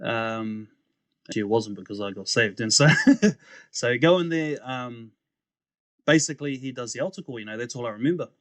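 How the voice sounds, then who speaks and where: A young man, a podcast guest telling his story in a casual, animated way, acting out the voices he quotes and laughing often. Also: medium pitch, normal speed, no room sound.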